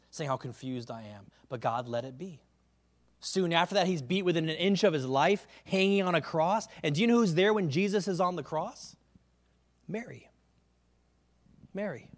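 A male pastor delivering a sermon with a voice that sits a little high for a man. He talks casually, often asking the crowd "right?", and sinks to a near hush to stress his key words. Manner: drops to a quiet, hushed delivery on key words.

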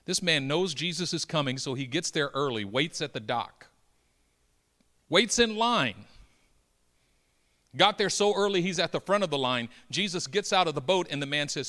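A man preaching a dramatic sermon, swinging from hushed lines to loud, building emphasis and acting out the voices of Bible characters. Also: a little high, animated, moderate pace. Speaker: pastor.

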